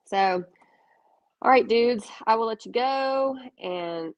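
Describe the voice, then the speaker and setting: A woman's voice: on the high side, slow, vocal fry, long pauses, dry recording, highs cut off. A chatty woman with a Southern US accent, hosting a casual stock trading stream and laughing easily. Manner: chatty, laughing, self-deprecating. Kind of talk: casual chat.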